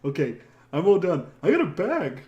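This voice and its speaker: A man's voice: a little high, wildly swooping pitch, moderate pace, darkish tone, highs cut off, slight background noise. A man joking dryly as a player in a tabletop role-playing game.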